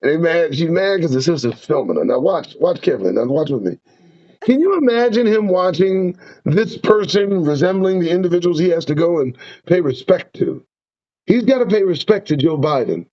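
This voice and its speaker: A man hosting a streamed talk show, preaching in a fiery, profane rant. His voice sits high and swoops widely up and down. The sound is dull and lo-fi. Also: a little fast. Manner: profane, preaching, lively ups and downs. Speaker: show host. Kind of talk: impassioned ranting commentary.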